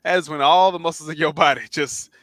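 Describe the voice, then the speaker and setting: A man co-hosting a podcast, telling a long story in casual chat, acting out quotes loudly and swearing freely. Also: on the high side, steady tone, fast talker, no room sound. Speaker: podcast co-host.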